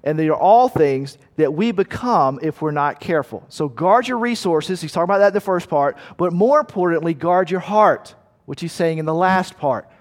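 A man's voice: fairly high pitch, lively intonation, normal speed, in a large hall. A man preaching a sermon in a conversational way, asking his listeners rhetorical questions. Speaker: pastor.

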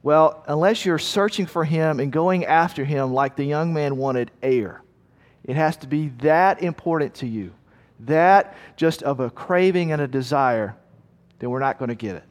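A man's voice: a little high, normal speed. A male pastor telling a story in a sermon, then praying earnestly. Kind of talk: sermon with prayer. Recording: long reverb in a big hall.

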